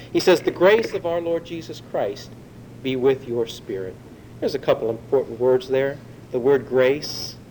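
A man preaching a sermon on a letter of scripture, with animated delivery that climbs in pitch when he quotes or stresses a point. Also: slight background noise, poor audio. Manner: animated, rising emphasis when quoting scripture.

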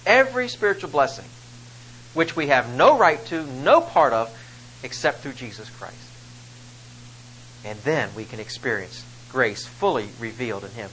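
A man's voice: medium pitch, expressive, unhurried, fairly bright tone, a little hiss or hum, rough recording. A man preaching a sermon, reading scripture and explaining it with rising emphasis on key phrases. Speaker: pastor.

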